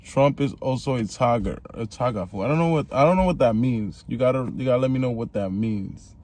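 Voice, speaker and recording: A man's voice: mid-range voice, fairly quick, darkish tone. A man giving casual, rambling livestream commentary, swearing often and stacking fillers. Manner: rambling, profane, many fillers. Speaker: streamer and commentator.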